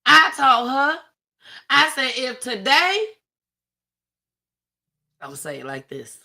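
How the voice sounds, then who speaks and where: A woman's voice: sits high, big pitch swings, moderate pace, creaky, bright, forceful tone. A woman, telling a story in a casual live-stream chat and acting out her own panicked cries. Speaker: storyteller guest.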